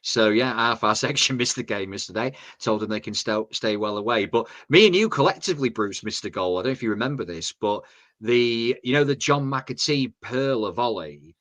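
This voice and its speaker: A man's voice: mid-range voice, animated, fairly quick, fairly bright tone. A man in a casual football chat, talking hesitantly with many restarts and laughs.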